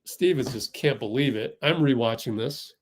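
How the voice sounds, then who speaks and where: A man hosting a fan livestream, giving excitable live play-by-play and getting outraged at the referees. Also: medium pitch, normal speed.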